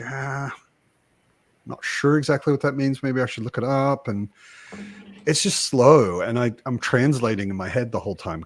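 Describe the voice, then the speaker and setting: A man born in the United States hosting a casual live chat, talking in an animated way with frequent restarts. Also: medium pitch. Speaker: host.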